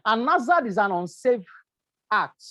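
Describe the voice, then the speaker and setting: A woman's voice: a little high, sing-song, unhurried, pushed and bright, no room sound. A woman with a Nigerian English accent giving a workplace safety lecture, explaining step by step and checking in with her listeners. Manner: repetitive, explanatory, asks "right?" often. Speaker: safety trainer. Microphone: presentation with slides.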